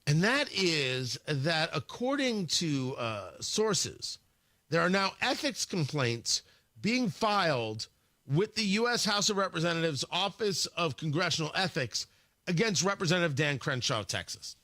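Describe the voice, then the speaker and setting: A man's voice: fairly high pitch, very animated, a little slow, pushed and bright, no room sound, clean studio sound. A man hosting a talk radio show, delivering a combative opinion monologue and repeating words for emphasis.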